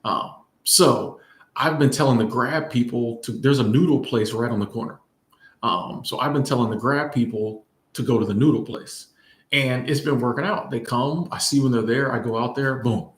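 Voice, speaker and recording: A man's voice: medium pitch, normal speed, roomy sound. A man chatting casually in a rambling storytime vlog, full of fillers and restarts. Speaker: vlogger. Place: in Bangkok.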